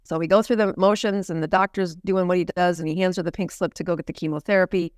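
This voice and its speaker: Speaking quickly with fairly even intonation, a middle-aged woman doctor from the United States tells her own story earnestly, often backing up with "you know." Her low, slightly mellow voice is recorded in studio quality without room sound.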